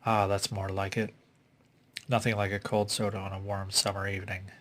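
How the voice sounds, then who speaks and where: A man voicing a bland, teasing young man of nineteen in a read-aloud suspense story, with a low, flat delivery. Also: normal speed.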